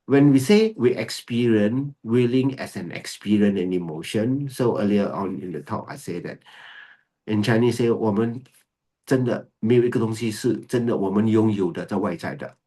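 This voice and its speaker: A man's voice: on the low side, normal speed, dark tone. A man giving an earnest, emphatic Buddhist dharma talk, often repeating key words. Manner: earnest, repetitive, emphatic, switches to Mandarin. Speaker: Buddhist teacher. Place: video call recording.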